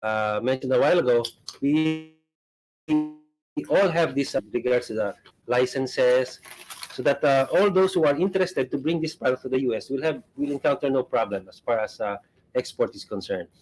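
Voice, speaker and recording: Halting guest explaining products. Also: male voice, medium pitch, a little mellow, slight background noise, low-quality recording. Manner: halting, many fillers.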